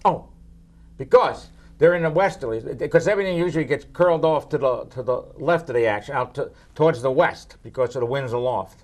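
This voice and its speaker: A man's voice: medium pitch, brisk. An older man from New York, a meteorologist answering viewer questions with teasing jokes. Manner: wisecracking, teasing, lively. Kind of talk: joking Q&A banter.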